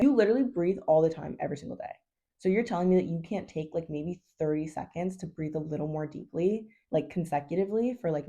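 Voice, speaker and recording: A woman coach talks straight to camera in a loose, unpolished vlog style, blunt and peppered with swearing and endless "like"s. Her voice sits a little low, with a warm, mellow tone. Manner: blunt, chatty, swears, says 'like' constantly. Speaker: hormone health coach. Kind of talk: casual advice vlog.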